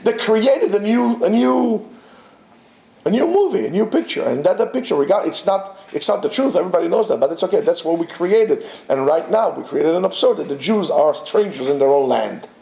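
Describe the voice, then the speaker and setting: A man teaching a Torah class to students, animated and full of rhetorical questions and restarts. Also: high-pitched, brisk, creaky, echoey room. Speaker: yeshiva teacher.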